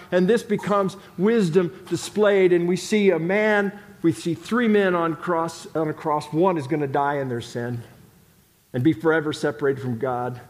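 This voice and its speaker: High-voiced man preaching in a reverberant hall. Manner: emphatic, repeats phrases for stress. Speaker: pastor. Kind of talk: sermon.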